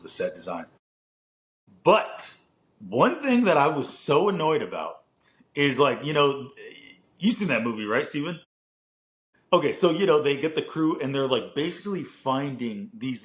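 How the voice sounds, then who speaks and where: A man in a mid-range voice talks casually on a podcast, rambling and leaning on fillers. He breaks into animated outbursts. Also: medium pitch. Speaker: podcast co-host. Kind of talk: casual conversation.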